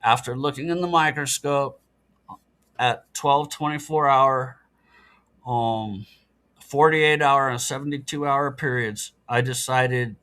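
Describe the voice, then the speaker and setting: A middle-aged man guesting on a podcast takes his time, his mid-range voice carrying a sharp tone. In relaxed interview conversation, he explains things earnestly and plainly, in a matter-of-fact way.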